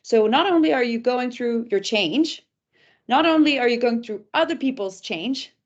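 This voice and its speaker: A woman with a somewhat high voice hosts a webinar over a video call. She thinks aloud reflectively, pausing between her thoughts. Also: animated, muffled recording. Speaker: webinar host. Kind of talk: moderating a webinar.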